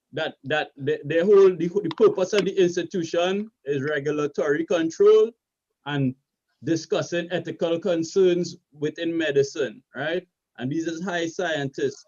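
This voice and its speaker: A man's voice: a little high, a little mellow, muffled recording. A man with a Caribbean accent, explaining his point in an earnest, lecturing way and checking in with "right?" as he goes. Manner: lecturing, repeats "right?" often. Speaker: podcast co-host. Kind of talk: earnest casual debate.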